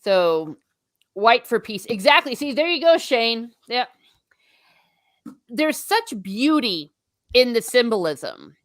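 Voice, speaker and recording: A woman's voice: fairly high pitch, big pitch swings, slow, pauses often, dry recording. A woman from Ireland hosting a casual book discussion stream, chatting in a rambling way and reading out viewer comments. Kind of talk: casual livestream chat.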